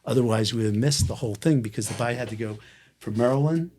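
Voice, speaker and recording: Speaking quickly in a mid-range voice, a man appearing as a guest recounts a lengthy personal story during a casual chat. He brings it to life by performing the quoted dialogue of the people involved.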